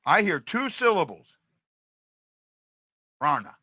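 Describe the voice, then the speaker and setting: A man's voice: high-pitched, very animated, normal speed, pushed and bright, no echo, studio quality. A man hosting a casual hockey livestream, chatting to his viewers and repeating himself as he talks. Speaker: hockey podcast host.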